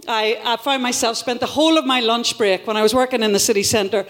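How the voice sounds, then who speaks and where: A middle-aged Northern Irish woman performing a wry, punchy stand-up set at a live venue, with loud bursts. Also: a little high. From Northern Ireland. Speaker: stand-up comedian. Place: live comedy venue with audience.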